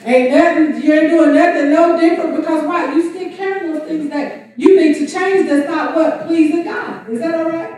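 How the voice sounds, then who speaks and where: High-voiced woman teaching in church. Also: moderate pace, hardly any pauses, darkish tone. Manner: asks the congregation to fill in words. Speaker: Sunday school teacher. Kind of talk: church teaching with call-and-response. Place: large church hall. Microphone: room mic far from speaker. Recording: echoey church hall from far off.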